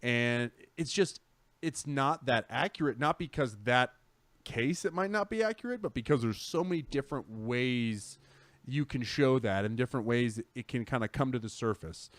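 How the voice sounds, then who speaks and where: A man in casual chat on a live gaming show, talking at a middle pitch. He rambles, restarts and circles back on himself with easy enthusiasm. His voice is recorded close and dry. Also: moderate pace, a bit bright, no echo. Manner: rambling, self-correcting, enthusiastic. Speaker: podcast co-host.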